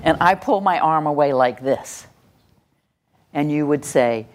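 An older woman presenting a live workshop, lively and demonstrative, acting out examples and leading the audience through exercises. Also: lowish voice, moderate pace. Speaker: workshop presenter on calming children. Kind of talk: live teaching talk to an audience.

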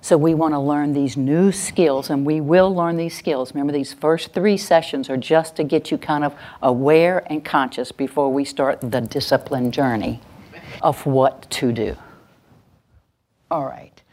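A woman presenter teaching a live parenting workshop to an audience, lively and acting out little scenes in quoted voices. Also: low voice, unhurried. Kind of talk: live instructional talk to an audience. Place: venue with stage lights and an audience.

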